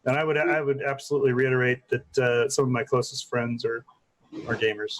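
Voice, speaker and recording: Male panelist, mid-pitched, friendly, stumbles and repeats words. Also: flat delivery, fairly quick, poor audio. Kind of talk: casual podcast chat.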